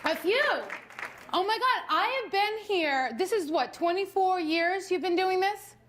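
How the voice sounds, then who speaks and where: A woman's voice: very high voice, unhurried, a bit bright. A middle-aged woman doing a stand-up comedy set, brassy and exasperated, live at a venue. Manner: brassy, exasperated, mimics her husband. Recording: echoey room with crowd noise.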